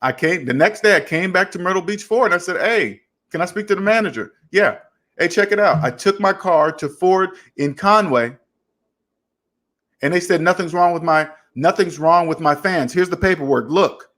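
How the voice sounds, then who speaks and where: Finance channel host, man, pitched high, tells a story in a lively way, voicing both sides of the dialogue. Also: moderate pace. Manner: animated, retells arguments with quoted dialogue. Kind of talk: casual storytelling to camera.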